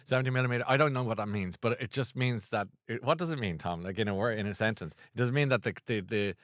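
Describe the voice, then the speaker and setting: Guy hosting a chatty show, low voice, rambles and restarts a lot, dry close sound. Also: quick pace, a bit bright, no room sound. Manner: rambling, self-deprecating, lots of restarts. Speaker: host. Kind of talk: casual chat.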